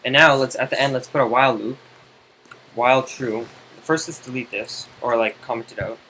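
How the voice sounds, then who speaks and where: A man's voice: medium pitch, moderate pace, pushed and bright, slight background noise, low-quality recording. Impatient, teasing male coding tutor. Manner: impatient, teasing, exasperated explaining. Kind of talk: casual screen-side coding help.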